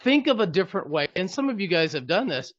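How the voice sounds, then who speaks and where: A man's voice: high voice, sing-song, fast talker, a bit bright, dry recording, dull audio. A man sharing a lesson on a training call, earnest and emphatic on key phrases.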